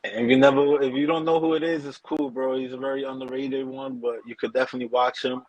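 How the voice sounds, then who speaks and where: A man's voice: mid-range voice, flat delivery, quick pace, darkish tone, dry recording, low-quality recording. Laid-back slang-talking man host. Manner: loose slang-heavy talk, calls listener bro. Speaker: podcast host. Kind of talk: casual chat.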